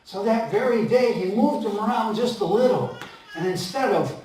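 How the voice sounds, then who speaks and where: A man's voice: high-pitched, expressive, moderate pace, dark tone. A man telling a story at a live festival, rattling off tongue twisters with playful asides to the audience. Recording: echoey hall from far off.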